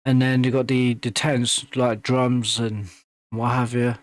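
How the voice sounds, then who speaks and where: A man's voice: medium pitch, little pitch movement, a little slow, no room sound. A man hosting a music reaction video, talking casually with many restarts and fillers, openly enthusiastic.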